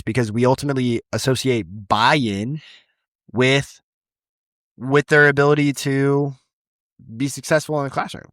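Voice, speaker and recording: On a casual podcast, a male high school English teacher rambles, restarting his sentences often and swearing now and then. His voice is at an ordinary male pitch with fairly even intonation and normal speed. The close mic gives a dry recording with no room sound.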